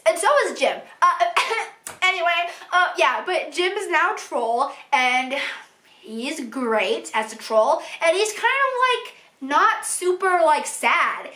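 A woman vlogger talking casually from a room at home, excitable and rambling with lots of fillers. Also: sits high. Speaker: book and TV vlogger. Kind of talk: casual ranking vlog. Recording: echoey room.

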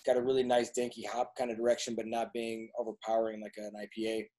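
A man's voice: fairly low pitch, monotone, fast talker, mellow. A man with a Midwestern accent co-hosting a casual podcast over drinks, upbeat and teasing. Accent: Midwestern American. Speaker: podcast co-host.

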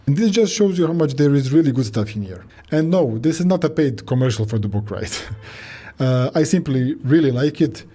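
A man speaks earnestly in a recorded video review, his tone mellow and warm. He circles back on his words often, restarting phrases as he recommends. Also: mid-range voice, expressive, fairly quick, husky. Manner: earnest, repetitive, with frequent fillers and restarts. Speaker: video creator reviewing a book.

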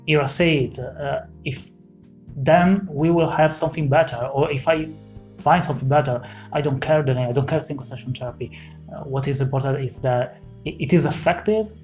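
A man with an Italian accent hosts an interview in a mid-pitched voice. He hesitates often, restarting and correcting his words as he searches for them. A soft guitar plays faintly underneath. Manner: hesitant, many self-corrections. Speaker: host, interviewer. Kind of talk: interview questions.

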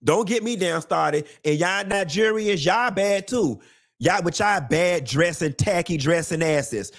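A man's voice: high voice, lively intonation, measured pace. A man speaking with an African American Vernacular English accent, ranting on a live stream in a sassy, profane, unfiltered way, a little tipsy and repeating lines for emphasis. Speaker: host of a live commentary stream. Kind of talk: unfiltered casual rant.

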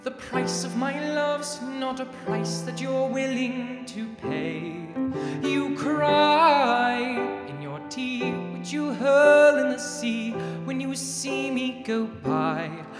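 A man's voice: very high voice, lively intonation, extremely slow, heavily acted. A young man singing a musical theatre solo as a petulant jilted king, with a put-on British accent, in a recital hall. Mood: mocking, possessive. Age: young adult. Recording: echoey hall with loud music.

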